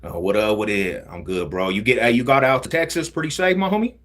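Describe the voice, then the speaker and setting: A man hosting a casual livestream, talking in animated street slang. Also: lowish voice, fast talker. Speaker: livestream host.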